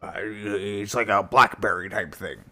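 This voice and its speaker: A man streamer ranting casually and heatedly with lots of swearing, jumping into high silly voices to mimic people. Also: fairly even intonation, a little slow, bright, forceful tone, faint music behind. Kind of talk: casual rant on a live stream.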